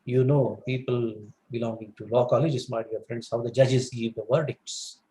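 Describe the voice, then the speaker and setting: A man giving a lively webinar lecture, often saying "you know" and swinging his pitch up and down. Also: moderate pace, echoey room, poor audio. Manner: animated, lively swings in pitch, many fillers. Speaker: guest speaker on English communication.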